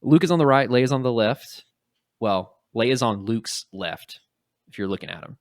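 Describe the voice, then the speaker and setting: A man's voice: medium pitch, no echo, studio quality. A man hosting a podcast, casually retelling a comic story and acting out the characters' lines. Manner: animated, acts out quotes in quick little voices. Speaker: podcast host.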